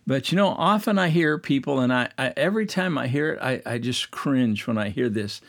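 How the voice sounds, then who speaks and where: A man preaching a sermon, slowing down to stress quoted verses and rising sharply on key words. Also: lively intonation. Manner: emphatic, slows down to stress scripture quotes; swoops higher on key words.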